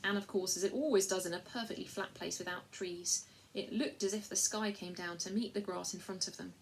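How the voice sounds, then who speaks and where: Brief: woman reader, measured storybook narration, middle-pitched, faint hiss behind. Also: steady tone. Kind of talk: storybook read-aloud.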